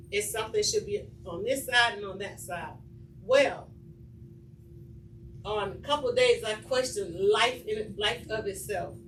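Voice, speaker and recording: A woman on a panel sharing personal memories in an earnest, reflective way, her voice often dropping to a hush. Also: medium pitch. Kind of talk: personal storytelling. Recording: echoey room from far off, noisy.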